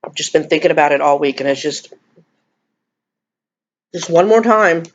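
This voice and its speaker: A woman's voice: sits low, moderate pace, dull audio, slight background noise. A woman, chatting casually and emotionally in a rambling, confiding vlog while eating. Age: 50s. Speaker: vlogger.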